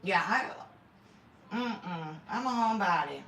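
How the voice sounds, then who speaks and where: A woman's voice: mid-range voice, animated, takes it slowly, fairly bright tone. Middle-aged woman, blunt and chatty livestream host; echoey room, distant mic, faint hiss. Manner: chatty and blunt, swears, greets viewers by name. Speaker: homestead channel host. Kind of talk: casual livestream chat.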